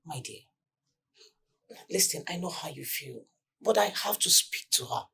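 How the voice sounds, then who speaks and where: A woman's voice: low-pitched, a little slow, gravelly, heavily acted. An actress playing a motherly woman who comforts a young girl firmly, with a Nigerian English accent. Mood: comforting. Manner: firm but comforting, animated.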